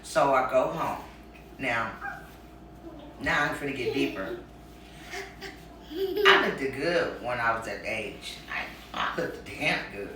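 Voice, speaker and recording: A woman from Texas telling a candid story about her own life, frankly and with lively quoted voices. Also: rumbling low, slow, long pauses, slight background noise. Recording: very echoey room, mic far off.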